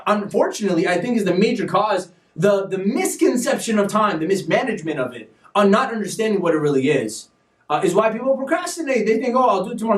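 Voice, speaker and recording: A man hosting a live stream show, talking in an animated, preachy way with sudden loud bursts. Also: extremely high pitch, roomy sound, far from the mic. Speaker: show host. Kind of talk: energetic live-stream talk.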